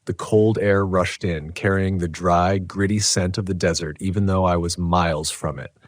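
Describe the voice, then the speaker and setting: A man reading a scripted horror story in a hushed, tense narrating manner. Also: low voice, fairly even intonation, normal speed, no room sound.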